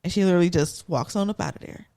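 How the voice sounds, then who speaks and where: A woman's voice: lowish voice, racing, creaky, dark tone. A woman, telling the story of a reality show episode to her co-hosts. She talks in a loose, chatty way, slips into playful voices for the people she quotes, and keeps the story moving with asides. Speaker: podcast co-host. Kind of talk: casual recap storytelling.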